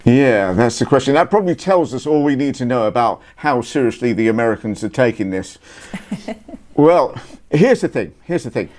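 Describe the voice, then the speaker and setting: Lively, wry British man. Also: mid-range voice, normal speed. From United Kingdom. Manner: joking, wry. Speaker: podcast co-host. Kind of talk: casual political chat.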